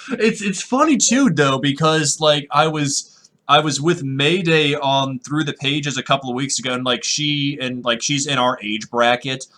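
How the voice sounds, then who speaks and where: A middle-aged man hosting a casual podcast chat, animated and full of fillers. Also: medium pitch, normal speed. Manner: animated, laughing, uses many fillers. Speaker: podcast host.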